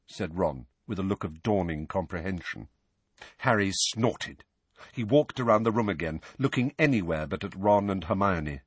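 Husky man narrating an audiobook. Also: low voice, normal speed, no echo. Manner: expressive storytelling. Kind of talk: scripted narration.

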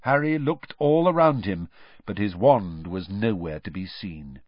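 A man reading fiction aloud as an audiobook narrator, measured but expressive. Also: lowish voice, no room sound. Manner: measured storytelling with lively swings. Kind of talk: scripted narration. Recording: dull dry lo-fi recording.

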